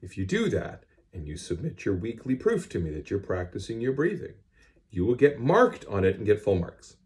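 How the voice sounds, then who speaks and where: A middle-aged band teacher with a low voice that swings widely in pitch. He explains things plainly and directly to his students. He is recorded on a cell phone. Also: huge pitch swings, normal speed, darkish tone. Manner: plain-spoken, direct and instructive. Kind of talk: music lesson to students.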